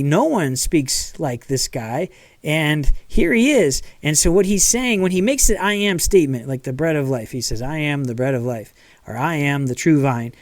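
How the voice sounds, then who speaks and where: Male pastor, chatty sermon delivery, slightly high voice. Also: dry recording. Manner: conversational preaching with frequent "okay" and acted-out quotes. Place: church.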